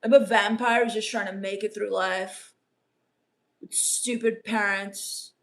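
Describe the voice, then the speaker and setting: A woman playing a sullen, scornful goth teen vampire on a comedy live stream, reading chat with deadpan, sarcastic put-downs. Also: medium pitch, unhurried, lightly acted.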